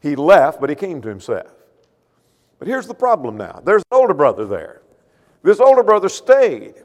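A man preaching a sermon, with rhetorical questions and swings between loud emphasis and quiet, low asides. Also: wildly swooping pitch, normal speed, long reverb tail.

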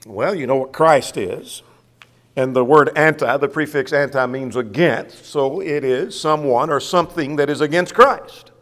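A man's voice: a little high, measured pace, a bit bright, long reverb tail. A man preaching a sermon in a church, asking himself questions and answering them.

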